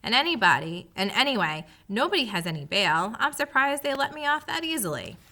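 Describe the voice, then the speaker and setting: A woman's voice: on the high side, very animated, fairly quick, pushed and bright, voice pushed up, full character voice. A woman voicing an honest, earnest male cricket who speaks plainly.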